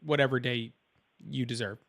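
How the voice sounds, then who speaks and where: A man's voice: medium pitch, steady tone, moderate pace, fairly bright tone. A man hosting a live call-in debate stream, angry, profane and berating.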